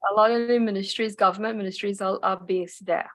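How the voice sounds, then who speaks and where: Brisk and fairly even in intonation, this mid-range female voice carries a Trinidadian accent. As a journalist guest in a relaxed interview, she chats in an easygoing, detailed way with frequent restarts.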